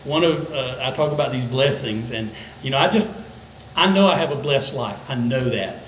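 An older man, a pastor, preaching a conversational sermon that dips into soft, low tones for emphasis. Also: normal speed, reverberant, a little hiss or hum, low-quality recording. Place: church sanctuary.

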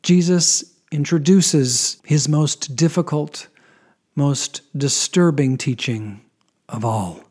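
A man giving a scripted Bible teaching, with dramatic pauses and emphatic drops in his voice. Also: a little high, darkish tone, slightly rough.

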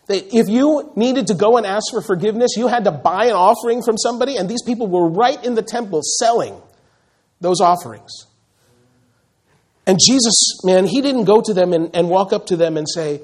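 A male pastor preaching a sermon in an animated way, acting out the voices he quotes and repeating words as he builds a point. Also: fairly high pitch, slightly rough.

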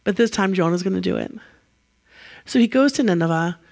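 A woman preaching a sermon, telling the story in a lively way and acting out the quotes. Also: on the low side, brisk, creaky.

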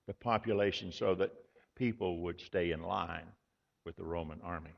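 Gravelly-voiced male pastor preaching in a hall. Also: sits low. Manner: earnest, measured preaching with emphatic repetition. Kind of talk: sermon. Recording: dull lo-fi sound with long hall reverb.

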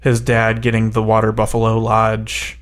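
A man's voice: lowish voice, completely flat delivery, moderate pace, clear, resonant tone. A man in casual chat about a movie, rambling and analytical with a joking streak.

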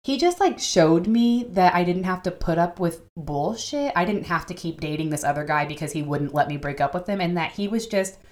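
A woman's voice: on the low side, lively intonation, brisk, hardly any pauses, a little mellow. A woman in her twenties co-hosting a podcast, telling stories in casual chat and acting out quoted voices. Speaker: podcast co-host.

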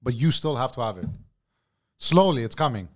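A man's voice: medium pitch, sing-song, normal speed. A man co-hosting a casual podcast, throwing in joking remarks and calling everyone "bro". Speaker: podcast co-host.

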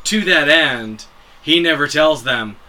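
A man co-hosting a film podcast, calmly retelling scenes in casual chat. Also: fairly high pitch, takes it slowly. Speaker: podcast co-host.

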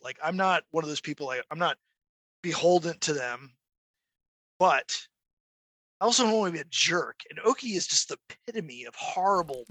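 A man chatting as a podcast guest, telling animated stories and mimicking barking dogs. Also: on the high side, normal speed, pauses often, dry recording. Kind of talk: casual chat.

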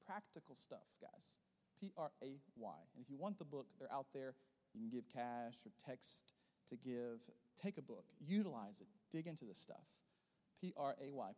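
A man preaching a sermon as a pastor, rising into loud emphatic bursts and then dropping into softer, quieter teaching. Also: mid-range voice, in a large hall.

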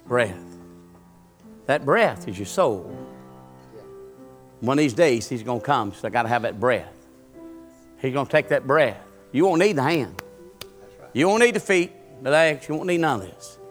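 A man preaching a sermon, swinging from hushed murmurs to fervent, rising cadences. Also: medium pitch, normal speed, pauses often. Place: church. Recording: music behind, long hall reverb.

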